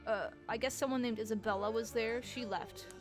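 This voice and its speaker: A woman's voice: a little high, fairly quick, faint music behind. A woman streamer chatting casually with her viewers about her role-play character, swearing freely. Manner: chatty, swears, talks to chat.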